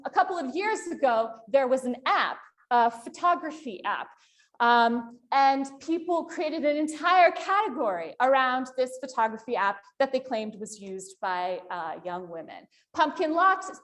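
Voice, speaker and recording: A woman lecturing at a university panel, asking the audience questions as she goes. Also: on the high side. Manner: animated, asks the audience questions.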